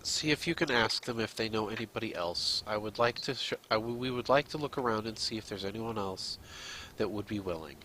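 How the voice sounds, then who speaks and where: A man's voice: lowish voice, a little fast, hardly any pauses, pushed and bright, a little hiss or hum, rough recording. A man playing a tabletop game who speaks earnestly in character. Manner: polite, earnest. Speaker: player.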